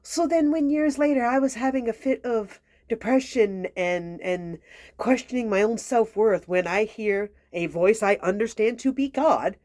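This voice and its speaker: A woman, telling a personal story in a chatty, sassy way, talking straight to her viewers and sometimes dropping to a soft near-whisper. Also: medium pitch, dry recording, clean studio sound. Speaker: tarot reader and channel host. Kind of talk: casual spoken storytelling.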